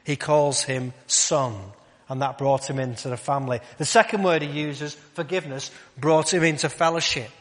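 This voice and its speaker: A man's voice: on the high side, moderate pace. Man preaching in a reverberant hall. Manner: conversational, rhetorical questions, drops to quiet emphasis. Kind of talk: sermon.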